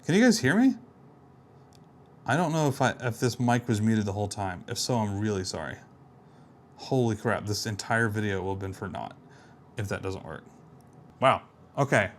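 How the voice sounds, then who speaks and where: A man's voice: lowish voice, normal speed, pauses often, a little hiss or hum. A man casually thinking aloud while building an app, muttering to himself, trailing off and making self-deprecating remarks. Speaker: app developer streaming a live build.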